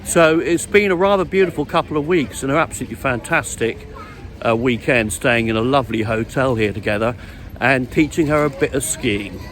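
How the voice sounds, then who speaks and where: Strolling along a street, a middle-aged dating vlogger rambles through a reflective anecdote about dating, stumbling over fillers and restarts. He talks fairly quickly in a mid-range, fairly bright voice.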